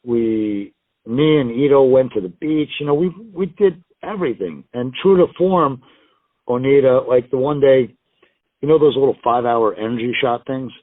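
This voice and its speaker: A man's voice: medium pitch, moderate pace, no echo. Profane man telling stories over a phone line. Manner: profane, rambling, acts out others' lines. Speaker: wrestling guest telling road stories. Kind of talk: casual storytelling interview. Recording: tinny phone-line call audio, dry.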